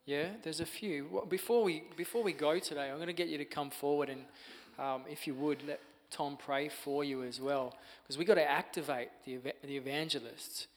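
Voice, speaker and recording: A man's voice: on the high side, fairly even intonation, brisk, big-room sound. A man hosting a church interview as pastor, giving short encouraging affirmations.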